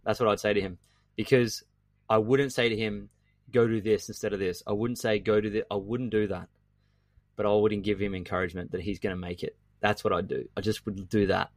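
A middle-aged man, a podcast guest talking in an emphatic, animated way and often repeating himself. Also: lowish voice, fairly quick, no echo. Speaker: guest entrepreneur. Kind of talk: podcast conversation.

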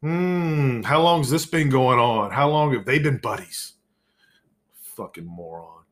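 A man's voice: medium pitch, measured pace. A man hosting his own podcast, ranting profanely and sarcastically about the news, over-caffeinated. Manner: profane, exasperated, sarcastic, loud outbursts. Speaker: podcast host. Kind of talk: solo podcast rant.

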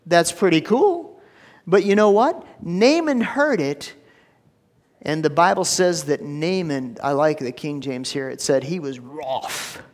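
A man preaching a sermon, telling a story with lively acted-out voices and sudden drops to a whisper. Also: fairly high pitch, in a large hall. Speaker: pastor.

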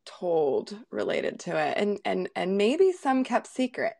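A woman's voice: mid-range voice, big pitch swings, slow, creaky, a little mellow, breathy edge, dry recording, clean studio sound. A young adult woman hosting a podcast in casual chat, laughing often and restarting her sentences. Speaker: podcast host.

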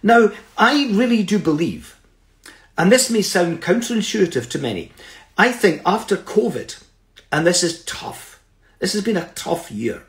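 High-voiced middle-aged man telling his story. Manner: earnest, reflective, with rhetorical check-ins. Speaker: speaker. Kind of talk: personal storytelling talk. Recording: roomy echo.

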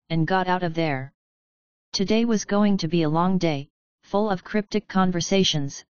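A woman narrating a fantasy audiobook in clear, even storytelling. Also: on the low side, no room sound. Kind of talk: scripted narration. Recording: slightly dull, dry studio sound.

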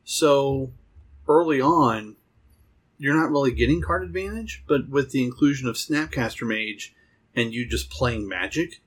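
A man with a husky, slightly breathy voice and a middle pitch, chatting on a podcast. He rambles along casually, stopping for fillers and restarting his sentences. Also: measured pace. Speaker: podcast co-host. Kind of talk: casual chat about card games.

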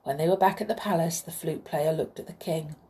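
A woman storyteller reading a children's story aloud in a gentle, expressive way, chatting warmly with her young listeners. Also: sits low, fairly quick.

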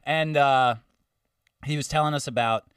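A man telling a long story in casual podcast chat, animated, swearing and mimicking the people he met. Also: mid-range voice, normal speed, smooth, no room sound, studio quality, distant mic.

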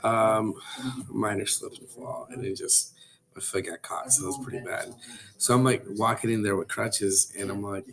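A man telling his life story as a podcast guest, in a relaxed, rambling way full of likes and restarts. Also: fairly low pitch, normal speed, a crowd in the background. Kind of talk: casual storytelling. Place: coffee shop.

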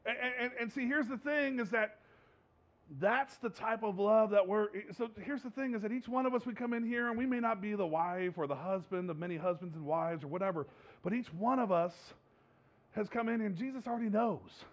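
A man preaching a sermon in church, conversational and animated, repeating phrases for emphasis, recorded on a dull lo-fi recording. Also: high-pitched, brisk. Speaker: pastor.

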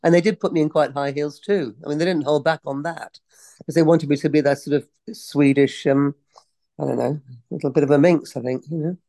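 A woman's voice: deep voice, fairly even intonation, brisk, mellow, no room sound. Female, 60s, English actress guest; chatty, tangent-prone, giggly, dry sound. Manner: chatty, digressive, laughs often. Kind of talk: casual interview chat.

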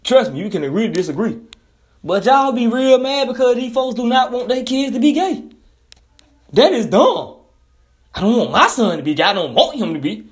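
A man's voice: very high-pitched, lively intonation, normal speed. A man delivering a blunt, profane, heated casual monologue as a commentator.

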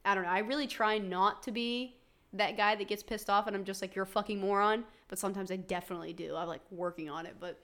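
A woman's voice: mid-range voice, fairly even intonation, fast talker, fairly bright tone. A young woman from West Virginia in casual political chat, blunt and profane, ranting with heat. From West Virginia, USA.

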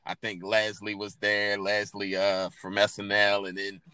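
Chill comic guy from indy, low voice, dead dry sound, swears casually. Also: completely flat delivery, measured pace, bright, forceful tone, no echo. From Indianapolis. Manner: laid-back, swears, does mocking voices in stories. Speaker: comedian guest. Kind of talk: casual podcast chat.

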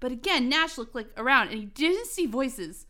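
A woman co-hosting a podcast, reading bad fan fiction aloud haltingly, stumbling over the grammar and breaking into giggling fits. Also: high voice, animated, pushed and bright. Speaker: podcast co-host.

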